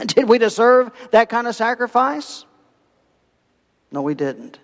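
Pastor guy preaching, acts out the story voices, kinda high pitched, echoey church hall. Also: slow pace. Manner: animated storytelling, acting out voices. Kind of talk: sermon.

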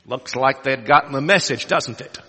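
A man preaching a sermon as a story, moving between quiet passages and emphatic ones, recorded in a hall with a long reverb. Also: medium pitch, moderate pace, husky.

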